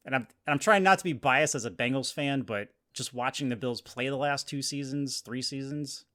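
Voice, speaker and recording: A man's voice: medium pitch, normal speed, pushed and bright. Hesitant man reading sports predictions. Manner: hesitant, restarts often, laughs easily. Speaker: podcast co-host. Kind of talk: casual sports podcast chat.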